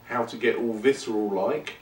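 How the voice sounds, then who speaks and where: A man's voice: mid-range voice, moderate pace, a little mellow, slight background noise. A man hosting a podcast, talking in a rambling, casual, self-deprecating way. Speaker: podcast host. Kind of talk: casual monologue. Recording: roomy and distant from the mic.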